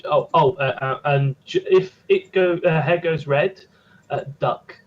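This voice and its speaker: A man's voice: on the high side, unhurried. A man playing in a tabletop game, stammering through his turns with many fillers. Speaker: player. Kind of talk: tabletop role-play. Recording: dull lo-fi mic with faint noise.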